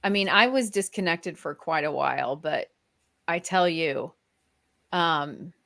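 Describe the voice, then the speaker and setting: A woman with a Midwestern accent co-hosting a casual podcast, talking in a slow, meandering way and laughing often. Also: low-pitched, vocal fry, bright, forceful tone. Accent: Kansas City, Midwestern US. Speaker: podcast co-host. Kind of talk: casual chat.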